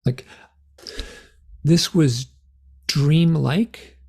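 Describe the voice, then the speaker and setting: A man telling his story in a rambling, animated way, full of fillers, as a guest on an interview show. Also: on the high side, very slow, gravelly, slightly rough. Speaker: guest author and experiencer. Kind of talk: conversational storytelling.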